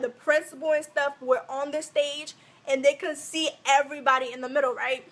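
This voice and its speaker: Brief: young woman from Africa, high bright voice, animated storytime vlog delivery. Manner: animated, acts out every quote. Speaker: vlogger.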